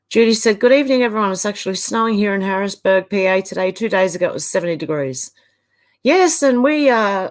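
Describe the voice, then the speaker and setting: A middle-aged Australian woman of medium pitch runs a casual live stream, reading viewer comments aloud. She talks loosely and throws in exasperated asides.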